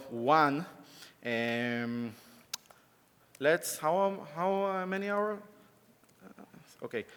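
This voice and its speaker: Playful, lively conference speaker man. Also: on the high side. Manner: playful, laughing often, directing volunteers. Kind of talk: live coding talk on stage. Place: conference stage. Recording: echoey conference hall with audience.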